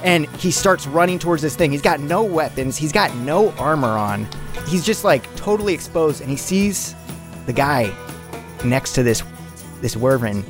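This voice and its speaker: A man's voice: on the high side, animated, normal speed, music in the background. A man narrating his character's actions in a tabletop role-playing game, rambling and profane.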